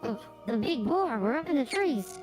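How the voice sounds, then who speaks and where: A woman playing a tabletop game, calling out excitedly from away from the mic. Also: high-pitched, normal speed, music in the background. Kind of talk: casual tabletop play.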